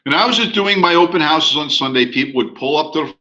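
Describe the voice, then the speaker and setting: Lively, bright-voiced male storyteller. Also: fairly high pitch, fast, highs cut off. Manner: animated anecdotal, acts out dialogue. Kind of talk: storytelling lecture.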